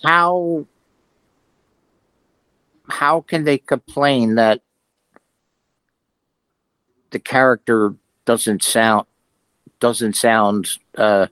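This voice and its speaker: A man co-hosting a podcast in casual chat, talking in halting, restarting sentences. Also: medium pitch, fairly bright tone, clean tone, dry recording, poor audio. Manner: hesitant, restarts and trailing thoughts. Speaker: podcast co-host.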